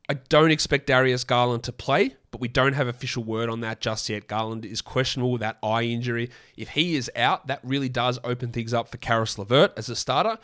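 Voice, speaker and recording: Hoarse man rambling through basketball picks. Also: medium pitch, a bit bright. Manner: opinionated, rambling, frequent self-corrections. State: hoarse from a lost voice. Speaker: fantasy basketball podcast host. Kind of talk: solo podcast analysis.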